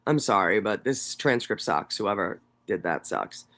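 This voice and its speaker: Blunt, profane New livestream host. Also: male voice, lowish voice, expressive, unhurried, a bit bright. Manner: reads documents aloud, then breaks off to comment. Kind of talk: casual live commentary.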